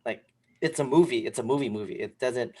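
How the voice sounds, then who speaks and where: A man's voice: medium pitch, fairly quick. Give me a man co-hosting a casual podcast, talking animatedly and rambling. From came to this country when young. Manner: animated, rambling, many fillers. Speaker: podcast co-host. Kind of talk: casual sneaker podcast chat.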